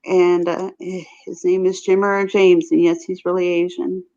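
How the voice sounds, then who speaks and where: A woman's voice: on the low side, little pitch movement, unhurried, mellow. A woman with a Southern US accent hosting a casual live stream, chatty and laughing often. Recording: dull lo-fi stream audio.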